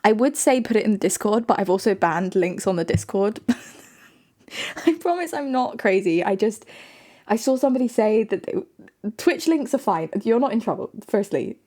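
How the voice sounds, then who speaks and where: A woman's voice: medium pitch, animated, normal speed, dark tone. A young woman streaming live, chatting with her viewers in a giggly way and laughing often between sentences.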